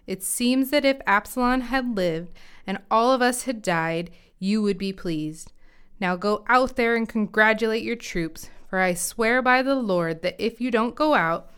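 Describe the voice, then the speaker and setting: A woman voicing a stern male army commander, blunt and scolding, in her own plain and very clear reading voice. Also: medium pitch, close to an everyday voice.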